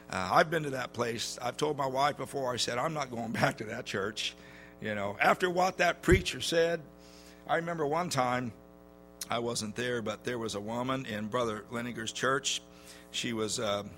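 A man preaching a sermon in a church, telling stories in a folksy way with many halting fillers. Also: mid-range voice, pushed and bright.

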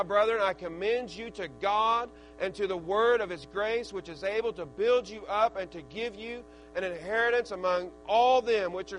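A middle-aged man preaching a sermon in a folksy, earnest way, his loudness rising and falling. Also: fairly high pitch, noisy background.

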